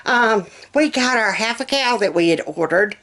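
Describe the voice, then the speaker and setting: A woman's voice: a little high, lively intonation, moderate pace, a bit bright. A middle-aged woman from Alabama with a Southern accent, chatting casually on her home vlog, a bit out of breath, rambling with fillers. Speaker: home vlogger.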